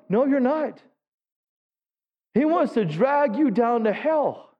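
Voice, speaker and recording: Taking it slowly, this male pastor speaks in a very high-pitched, expressive voice from a church sanctuary. His sermon is conversational, with questions asked of the congregation. The audio is dull and lo-fi, and the hall adds a long reverb.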